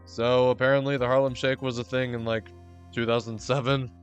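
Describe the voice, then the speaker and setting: A man's voice: mid-range voice, level tone, fairly quick, clean tone, faint music behind. A male streamer rambling offhandedly while playing a game. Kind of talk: casual gameplay commentary.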